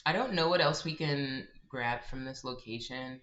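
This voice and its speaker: A man's voice: mid-range voice, moderate pace, pushed and bright. A man chatting casually to his viewers while playing a game live, giggling often and calling his audience y'all. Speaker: game streamer. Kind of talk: casual live-stream chat while gaming. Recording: roomy, slightly dull live-stream audio.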